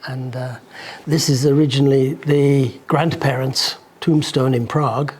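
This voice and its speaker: A man in his sixties from England, recalling his life in an interview, rambling and halting with restarts. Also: mid-range voice, fairly even intonation, darkish tone, husky. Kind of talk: casual recollection.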